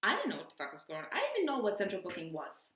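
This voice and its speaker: Young woman, storytime vlog, expressive and animated, lively pitch, roomy echo. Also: rapid-fire. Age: young adult. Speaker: vlogger.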